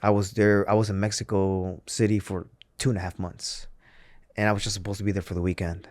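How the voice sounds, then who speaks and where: A man's voice: fairly low pitch, little pitch movement, fairly quick, darkish tone, dry recording. A man, a former pro wrestler, speaking as an interview guest and retelling his story in an earnest, candid way, often restarting his sentences.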